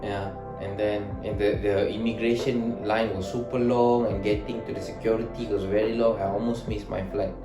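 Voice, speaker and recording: A man's voice: on the low side, level tone, moderate pace, hardly any pauses, roomy sound, music in the background. A man co-hosting a couple's vlog, agreeably filling in details of their story. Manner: agreeable, fills in with frequent "yeah". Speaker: vlog co-host. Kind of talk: casual chat.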